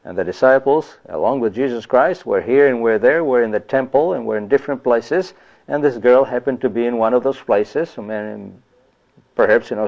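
A man preaches a sermon in a conversational way, at a mid pitch, often adding "you see" and "you know". His voice comes through a slightly muffled, lo-fi recording. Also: darkish tone. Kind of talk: sermon on scripture.

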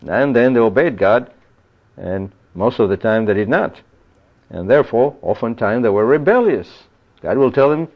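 Earnest guy preaching a bible study, mid-pitched voice, keeps saying "you see", dull lo-fi recording. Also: expressive, moderate pace.

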